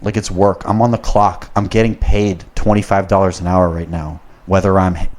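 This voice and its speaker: A man's voice: low-pitched, flat delivery, moderate pace, darkish tone. Profane, rambling young man telling stories. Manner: profane and rambling, gets worked up. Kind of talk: casual storytelling.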